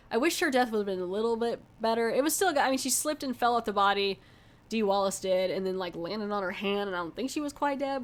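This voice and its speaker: Rambling, chatty woman podcast host. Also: mid-range voice. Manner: rambling, chatty, lots of "like" fillers; wry, sarcastic asides. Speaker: podcast host reviewing a film. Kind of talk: casual spoiler-heavy movie recap.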